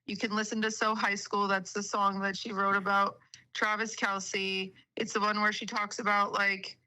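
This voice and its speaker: A woman's voice: mid-range voice, flat delivery, moderate pace, bright, forceful tone, rough recording. A woman guest chatting casually on a stream, giggly and full of slang. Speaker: guest caller. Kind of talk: casual chat.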